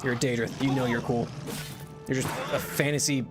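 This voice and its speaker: A man's voice: medium pitch, steady tone, normal speed, over music. A young man streaming a video game, chatting casually and rambling with lots of restarts and laughs. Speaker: VTuber streamer. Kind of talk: casual gameplay commentary.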